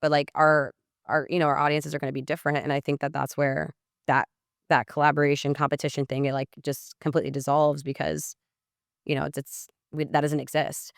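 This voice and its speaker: A woman's voice: low voice, brisk, vocal fry, dry recording, clean studio sound. A woman talking as a guest on a podcast interview. She is blunt, swears freely and says "like" a lot. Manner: acts out messages in lively quoted voices. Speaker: podcast guest, sales coach. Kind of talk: casual podcast interview talk.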